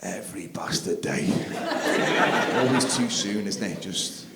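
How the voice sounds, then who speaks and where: A man doing live stand-up comedy on a theatre stage, swinging from mumbled asides to shouted outbursts. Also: low-pitched, animated, slow, heavy background noise. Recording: roomy live theatre recording with crowd. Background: laughing audience.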